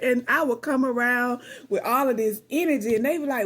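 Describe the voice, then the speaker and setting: Husky, loud, talkative woman reflecting. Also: on the high side, fast, few pauses. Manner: emotional, laughing through tears; sassy, direct. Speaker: vlogger reflecting on grief. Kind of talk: unedited personal reflection.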